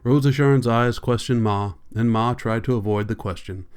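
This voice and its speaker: Smooth-voiced man reading a novel aloud. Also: mid-range voice, normal speed, a little mellow. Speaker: audiobook reader. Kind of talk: audiobook narration.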